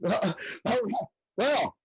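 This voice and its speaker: A man's voice: drawn-out words, slight background noise, poor audio. A man hosting an online comedy show over a video call, bantering with comics in a loose, profane, joking way. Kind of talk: casual comedy banter and introductions.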